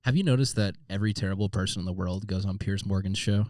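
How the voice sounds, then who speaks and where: A man co-hosting a casual comedy podcast who keeps jumping in with quips and questions. His voice sits a bit low, recorded close and dry. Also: a little mellow, no room sound. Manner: quick interjecting, laughs often. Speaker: podcast co-host.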